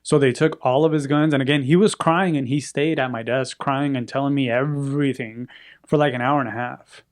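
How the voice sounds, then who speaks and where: A man's voice: medium pitch, brisk. A man telling a story in casual chat, acting out the people in it. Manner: animated, acts out quoted voices.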